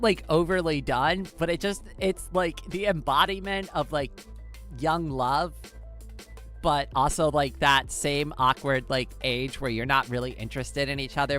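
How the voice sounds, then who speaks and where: A woman chatting casually on a live stream, excitable and giggly, saying "like" a lot. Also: low-pitched, unhurried, soft background music.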